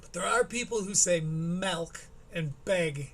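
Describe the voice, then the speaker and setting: Wry streamer with a Michigan accent, slightly high voice, a faint hiss under it. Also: male voice. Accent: Michigan Midwestern. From Michigan, USA. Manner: wry, chatty, quick asides. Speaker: streamer reacting to a comedy special. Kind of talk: live-stream commentary.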